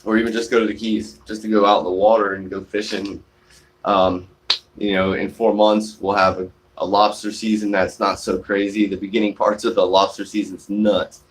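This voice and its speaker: A man speaks casually on a live stream, recorded on his phone outdoors on a shaded porch. His voice sits a little low, and he rambles, trailing off and restarting as he answers viewer comments. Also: level tone, normal speed, slight background noise. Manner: rambling, many fillers and restarts.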